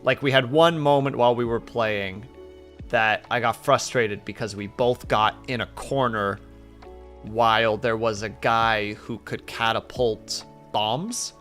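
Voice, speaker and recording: Gravelly man rambling to his chat. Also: on the low side, sharp tone. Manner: rambling, reflective, many fillers. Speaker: streamer. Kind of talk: casual chat with viewers.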